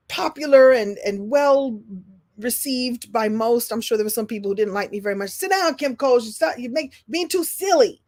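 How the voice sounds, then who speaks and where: A woman in her sixties from Brooklyn speaks as a storytelling coach. Her motivational talk is lively and goofy. She laughs often and drops into quick impressions. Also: fairly high pitch. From Brooklyn, New York. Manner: playful, animated, laughs often, slips into impressions.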